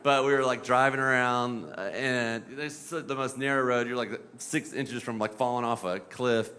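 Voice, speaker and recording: A middle-aged man and pediatric epilepsy doctor, talking casually on a panel, animated and full of fillers, now and then mimicking voices. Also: mid-range voice, moderate pace. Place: event panel.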